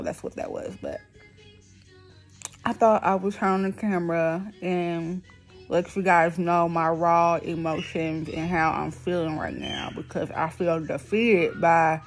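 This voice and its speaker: A woman vlogging casually, frustrated and blunt, her speech thick and lisping from a new palatal expander. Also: on the low side. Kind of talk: casual venting to camera.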